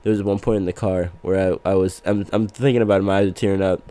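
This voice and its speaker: Male podcast guest, lower register, loose rambling storyteller who laughs at himself. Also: fairly even intonation, racing, dark tone. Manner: rambling, self-mocking, laughs through his words. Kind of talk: casual storytelling chat.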